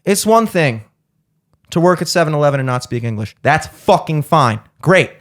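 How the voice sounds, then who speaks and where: A man's voice: on the high side, lively intonation, moderate pace. A young man hosting a podcast, telling a heated, profane story as a comedic rant and acting out both sides of it. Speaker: podcast host.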